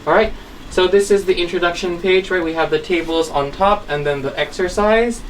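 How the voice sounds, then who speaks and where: A woman's voice: lowish voice, normal speed, far from the mic, slight background noise, rough recording. A woman teaching an English grammar class, speaking patiently and often checking in with the class. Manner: patient, checks in with frequent "right?" and "okay?". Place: classroom with a whiteboard.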